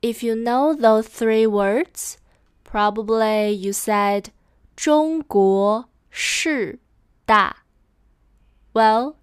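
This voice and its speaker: Woman teacher going through a lesson super slowly, repeats every phrase, smooth clear voice, dry recording. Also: medium pitch, no room sound. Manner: slow, careful explaining with model phrases repeated. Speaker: language teacher. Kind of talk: scripted language lesson.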